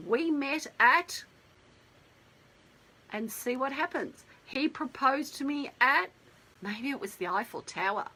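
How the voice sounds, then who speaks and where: Bright, husky Australian woman. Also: sits high, low-quality recording. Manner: chatty and rambling, talks straight to viewers. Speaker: wedding planner and textile artist. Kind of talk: casual live-stream storytelling.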